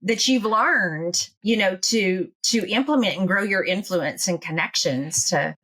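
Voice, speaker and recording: A woman's voice: medium pitch, unhurried, sharp tone, slightly rough. A woman hosting an interview, supportive and teasing, asking the guest about her work. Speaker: podcast host. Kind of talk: casual interview conversation.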